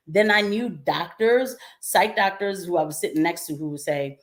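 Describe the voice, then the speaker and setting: Young woman livestream host, slightly low voice, chatty and animated, laughs often and talks to her viewers in asides. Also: brisk. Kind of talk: casual political commentary livestream.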